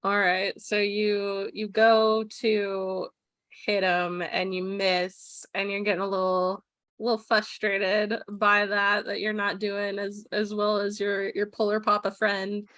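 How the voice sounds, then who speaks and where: A woman's voice: medium pitch, monotone, slow, fairly bright tone, no echo. A woman narrating as game master of a tabletop game, giggly and rambling, with many fillers.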